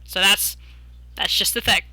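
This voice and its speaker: A woman's voice: unhurried, bright, forceful tone. A young woman streamer, reading a game's story aloud and breaking off for jokey, chatty asides. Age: young adult.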